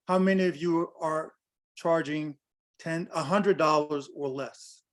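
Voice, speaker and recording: A man's voice: fairly high pitch, steady tone, unhurried. An older man giving a blunt, direct workshop talk over a video call, questioning his audience. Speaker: guest speaker on pricing.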